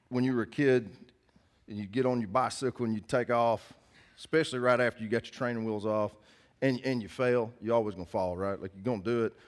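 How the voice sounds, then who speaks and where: A man preaching in a church, in a voice of everyday middle pitch. His talk is folksy and conversational, and he keeps turning to the congregation with questions. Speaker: pastor. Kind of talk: sermon.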